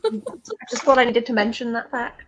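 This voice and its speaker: A woman's voice: fairly high pitch, big pitch swings, moderate pace, fairly bright tone, poor audio. A woman chatting casually on a group livestream about books. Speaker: co-host of a readathon livestream. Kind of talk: casual chat.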